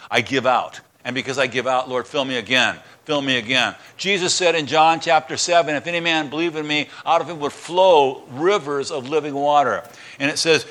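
A man preaching a fired-up sermon as a pastor, excited and passionate, often stumbling and restarting his sentences. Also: mid-range voice.

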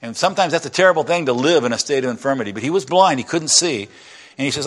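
A man preaching a sermon in a church, retelling a story in an animated way and acting out its characters. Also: medium pitch, fast talker. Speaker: pastor.

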